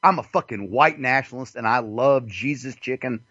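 A man's voice: medium pitch, normal speed, no echo, dull audio. A man hosting a podcast, delivering a crude, mocking, profane monologue. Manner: crude, mocking, animated delivery with frequent swearing. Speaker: podcast host.

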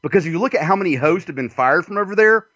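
Animated Southern man rambling on radio. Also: high-pitched, very fast, breathy edge, no echo. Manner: profane, rambling, animated, frequent laughter. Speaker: radio host. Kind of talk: rambling comic monologue. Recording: dull lo-fi dry sound.

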